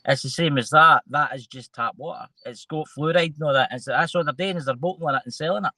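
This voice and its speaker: A man's voice: fairly high pitch, fast, sharp tone, no echo, poor audio. A man with a Scottish accent hosting a casual chat show, rambling and trailing off mid-sentence. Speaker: host.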